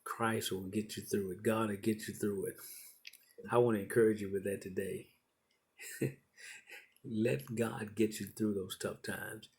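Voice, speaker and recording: A middle-aged man preaches in a low, gravelly voice with a husky edge. He builds his sermon through repeated, encouraging phrases in a steady preaching cadence. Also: unhurried, pauses often.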